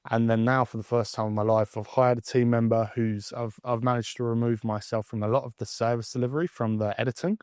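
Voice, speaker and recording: A man's voice: medium pitch, flat delivery, a little fast, hardly any pauses, a little mellow, no echo, clean studio sound. A man in his twenties talking candidly to camera in a reflective personal monologue, rambling with fillers and restarts. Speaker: vlogger.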